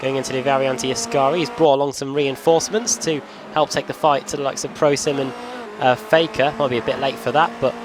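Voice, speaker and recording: A man calls a sim race play-by-play, running briskly through the order of the field. His voice sits at an ordinary middle pitch. Race car engines are clearly heard behind him. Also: steady tone, noisy background. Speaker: lead race commentator. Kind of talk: play-by-play sim racing commentary.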